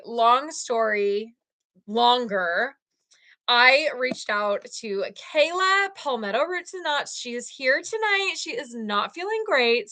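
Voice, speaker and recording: A woman hosting a casual live stream from her crafting room at home, chatting and gushing excitedly to her viewers. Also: mid-range voice. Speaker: livestream host.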